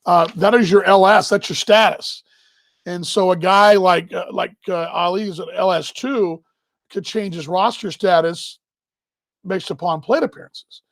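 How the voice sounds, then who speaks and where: A man with a high, dry voice hosts a casual baseball live stream. He rambles warmly, restarts his sentences and gets emotional. His voice sits right on a close microphone with no room sound. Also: measured pace, no room sound. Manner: rambling, emotional, talks while handling gear. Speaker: baseball broadcaster hosting a live show.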